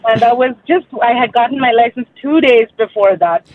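Woman, radio caller, giggly, high voice, lo-fi phone line. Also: normal speed, a little hiss or hum. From Canada. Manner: giggly, friendly. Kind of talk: telling a story on the phone.

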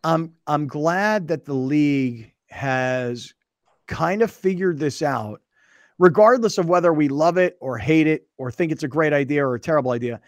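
A man with a slightly higher voice hosts a relaxed sports talk show. He tells stories with energy and laughs often. The sound is dry and close to the mic. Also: normal speed, no room sound. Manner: animated storyteller, laughs often. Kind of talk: casual sports radio chat.

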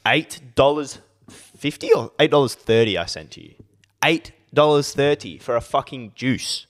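A man's voice: mid-range voice, animated, normal speed. A young man co-hosting a casual podcast chat, blunt and swearing, with mock outrage. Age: young adult. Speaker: podcast co-host.

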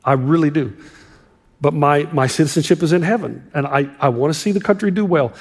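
A man preaching a sermon as a pastor, impassioned, swinging between hushed and emphatic delivery. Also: a little high, animated, fast talker. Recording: long reverb of a large hall.

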